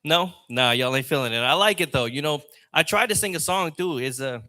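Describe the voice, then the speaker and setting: A man's voice: mid-range voice, expressive, fairly quick, bright, forceful tone. A man doing a loose, rambling stand-up set on a lounge stage mic. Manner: rambling, loose, chatty delivery. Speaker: open mic comedian.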